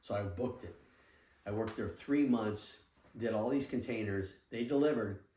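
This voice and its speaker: A man's voice: on the low side, measured pace, dark tone, slight background noise. A middle-aged man telling business stories in a casual interview, acting out quoted dialogue and swearing freely. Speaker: podcast guest, surf apparel businessman. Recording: roomy sound from a distant mic.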